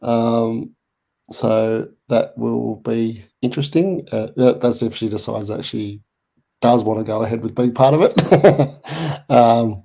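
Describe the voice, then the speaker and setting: A man's voice: mid-range voice, takes it slowly, vocal fry, mellow. An Australian man hosting a live chat show, rambling through stories with repeated words and laughter. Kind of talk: casual live chat, storytelling.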